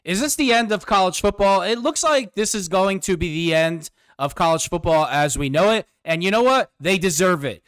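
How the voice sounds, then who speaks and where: A man's voice: high-pitched, animated, moderate pace, hardly any pauses, fairly bright tone, smooth, no room sound, clean studio sound. A man hosting his own show, delivering a sarcastic, combative political commentary rant. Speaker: host.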